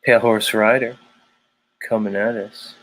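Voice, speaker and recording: A man hosting a live stream, ranting in a heated, profane way and then talking himself calm. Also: on the low side, a little slow. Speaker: livestream host. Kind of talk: casual live-stream rant.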